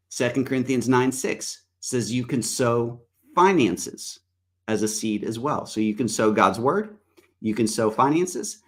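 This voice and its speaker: Conversational man teaching a Bible study. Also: medium pitch. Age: adult parent. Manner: conversational, with personal stories and scripture readings.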